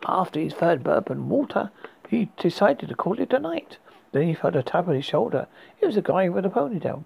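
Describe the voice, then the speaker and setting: A man from the UK hosting a horror podcast, reading a story aloud in an unhurried way and often restarting a word. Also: high voice, big pitch swings, creaky, a little mellow, slightly rough, low-quality recording.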